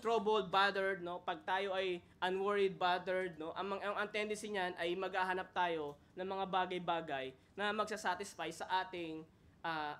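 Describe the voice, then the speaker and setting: A Filipino-accented man leads a church Bible study in a fairly high voice. He talks casually to the room, tags his points with quick questions and stops to fix his words as he goes. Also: a bit bright. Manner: conversational, frequent "okay?" tag questions and self-corrections. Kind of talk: teaching sermon, mixing Tagalog and English.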